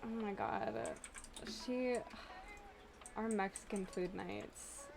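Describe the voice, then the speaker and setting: A woman's voice: medium pitch, slow pace, creaky. A young woman from the US Midwest chatting casually and giggling with viewers on a live stream. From Illinois, US Midwest.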